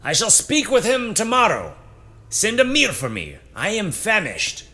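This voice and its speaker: A man's voice: high-pitched, huge pitch swings, unhurried, sharp tone, pitched above the performer's own voice, exaggerated voice. A man voicing a stern, commanding male zealot leader who speaks formally and proclaims.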